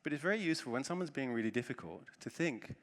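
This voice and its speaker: A man giving a conference talk, telling a self-deprecating story with lively humor from the stage. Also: mid-range voice, fast. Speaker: conference speaker. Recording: long reverb of a large hall.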